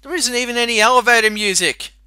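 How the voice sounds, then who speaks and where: A man's voice: very high-pitched, quick pace, pushed and bright, clean tone, dry recording. A man casually commentating on an old adventure game, chatty and crude. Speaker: let's play host.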